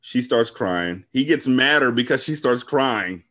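A man's voice: mid-range voice, expressive, unhurried, fairly bright tone. A man co-hosting a podcast in casual chat, wryly recounting events step by step with blunt profanity. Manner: wry storytelling recap with blunt profanity. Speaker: podcast co-host.

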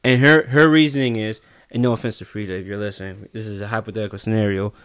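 A man's voice: fairly low pitch, steady tone, fast talker, fairly bright tone, smooth, no echo. A young man co-hosting a casual podcast, telling a long hypothetical story with many restarts. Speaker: podcast co-host. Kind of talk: casual chat.

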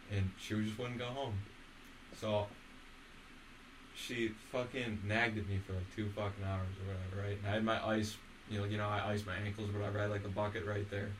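A young man tells a long, profane story to his friends. His voice sits a little low. Faint room noise runs under his voice. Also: flat delivery, a little fast, poor audio. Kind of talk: casual chat.

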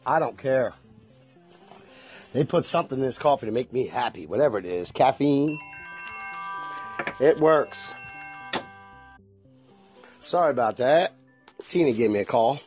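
A man's voice: mid-range voice, a little mellow. A middle-aged man rambling in a folksy, chatty way, talking straight to his viewers in a casual monologue. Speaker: vlogger.

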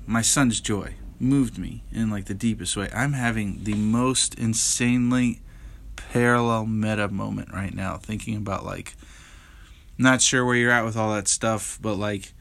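A man's voice: lowish voice, vocal fry, fairly bright tone. Rambling tired young man podcasting. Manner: rambling, candid, self-interrupting with fillers. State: tired, yawning. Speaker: podcast host. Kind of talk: casual solo podcast chat.

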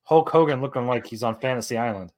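A man's voice: mid-range voice, fast, darkish tone. A man co-hosting a podcast, asking puzzled questions and cracking crude jokes during a movie. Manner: quizzical, crude, wisecracking. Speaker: podcast co-host. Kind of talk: casual movie watch-along banter.

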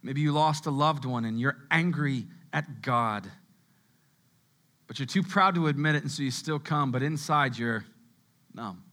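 A young adult man preaching a sermon in a conversational style, repeating words as he goes and dropping to a low hush on key words. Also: moderate pace. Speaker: pastor.

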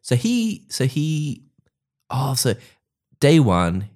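A man in casual improvised comedy chat, animatedly acting out characters in quick asides. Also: mid-range voice, wildly swooping pitch, darkish tone.

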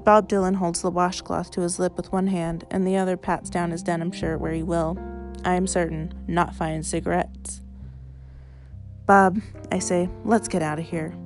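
Creaky low-voiced woman reading a story. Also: level tone, normal speed, a little mellow, faint music behind. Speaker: podcast host reading fiction. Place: car.

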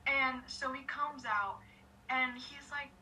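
A young woman telling a story in casual chat, excited, full of "like" fillers and acted-out quotes. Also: high voice, takes it slowly, recorded from a distance, a crowd in the background, rough recording.

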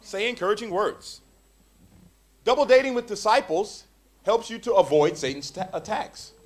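A man preaching a sermon to a congregation, animated and joking, acting out the voices of the people in his stories. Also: sits high, normal speed. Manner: animated, acts out quoted voices.

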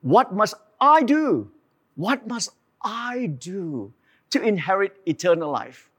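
A man's voice: high voice, sing-song, slow, fairly bright tone, husky, exaggerated voice. A man voicing a confident rich young man who earnestly shows off his goodness, in a sermon story. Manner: earnest, showing off.

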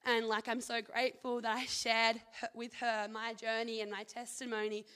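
A young woman with a fairly high voice shares her faith testimony in an earnest, rambling way, full of "like" and "I think". Her words ring out with the long reverb of a hall. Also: level tone, normal speed, a bit bright, clean tone. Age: young adult. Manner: earnest, chatty, leans heavily on "like" and "I think". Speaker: speaker sharing a faith testimony. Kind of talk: personal testimony and scripture reading.

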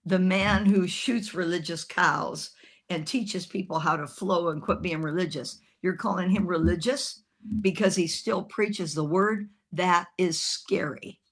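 A woman preaching a sermon, telling a story with animated, humorous acted-out voices. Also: lowish voice, a little slow, husky.

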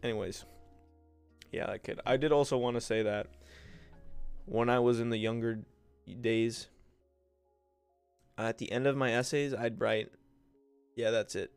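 A man's voice: mid-range voice, steady tone, unhurried, gravelly, long pauses, clear, resonant tone, no echo, faint music behind. A young man hosting his own podcast, telling childhood stories in a loose, joking way, calling the listener bro and mimicking the people in his stories. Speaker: podcast host and content creator. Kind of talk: casual solo podcast storytelling.

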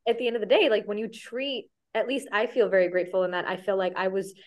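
Woman host, middle pitch, supportive, chatty. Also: steady tone, fast talker. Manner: supportive, frequent agreeing interjections. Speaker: podcast host. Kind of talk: casual conversation.

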